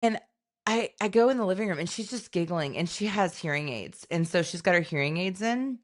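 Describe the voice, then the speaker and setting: A woman's voice: on the low side, brisk. A woman in her forties co-hosting a podcast, chatting casually and telling stories with lots of acted-out quotes. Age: 40s. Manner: animated storytelling, acting out voices in quotes. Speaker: podcast co-host. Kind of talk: casual chat.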